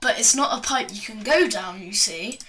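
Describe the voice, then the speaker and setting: A woman's voice: medium pitch, lively intonation, moderate pace, bright, forceful tone. A woman rambling through an improvised story while drawing, full of fillers and slangy asides. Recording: distant mic with faint clicking.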